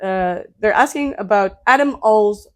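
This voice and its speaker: A woman co-hosting a podcast, reading quiz questions slowly and deliberately between light laughs. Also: medium pitch. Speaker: podcast co-host, quiz reader.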